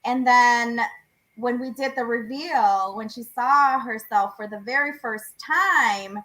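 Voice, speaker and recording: A woman's voice: a little high, slow pace, bright, forceful tone, rough recording. A woman hosting a podcast, chatting casually and animatedly, laughing often. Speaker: podcast host and salon owner.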